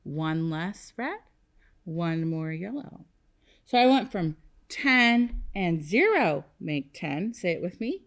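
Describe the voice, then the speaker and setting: A woman teaches kindergarten math on television, leading slow, sing-song counting in call-and-response with the children. Her voice is fairly low but swings widely in pitch.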